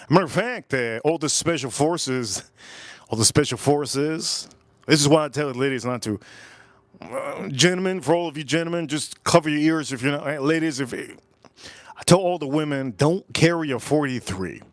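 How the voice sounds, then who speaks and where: A man's voice: medium pitch, no echo. A man hosting a live cooking stream, chatting loosely, joking and repeating himself as he reads the chat. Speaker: livestream host.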